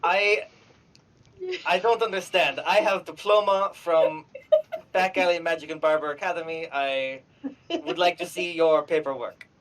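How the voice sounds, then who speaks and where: A woman's voice: low voice, steady tone, unhurried, distant mic, rough recording. A woman doing a haughty Russian-accented healer. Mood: indignant. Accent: put-on Russian. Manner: haughty, broken grammar. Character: pompous back-alley healer with a put-on Russian accent.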